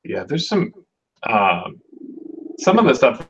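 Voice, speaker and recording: A man hosting a casual online hangout, rambling and halting with lots of fillers. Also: mid-range voice, sing-song, gravelly, a bit bright, a little hiss or hum. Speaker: host. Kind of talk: casual chat. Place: online video call. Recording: dull lo-fi audio.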